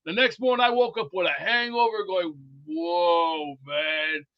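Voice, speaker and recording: Male sports-talk host with a high, rambling, boisterous delivery and dull lo-fi sound. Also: quick pace. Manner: rambling and boisterous, full of movie quotes. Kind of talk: live sports talk chat. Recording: dull lo-fi audio.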